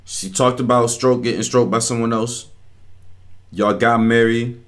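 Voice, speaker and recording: A man's voice: medium pitch, steady tone, measured pace. A man hosting his own reaction channel, talking casually in slang and cutting in over a podcast clip.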